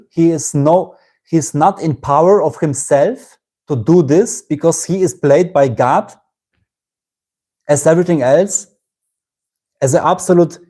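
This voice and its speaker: A man's voice: fairly high pitch, warm tone. A man with a German accent giving a live-streamed satsang talk as a spiritual teacher, reflective and often ending his phrases with a questioning "yeah?".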